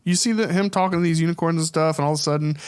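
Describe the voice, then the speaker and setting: A man's voice: a little high, fairly even intonation, rapid-fire, clean tone, no echo. A young man narrating a tabletop game as dungeon master, casual and laid-back, swearing freely.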